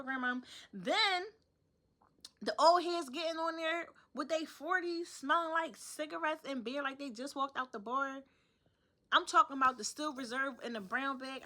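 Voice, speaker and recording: A young woman vlogging from home, casually venting and acting out other people's lines. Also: high voice. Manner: animated storytelling, acts out other people's lines.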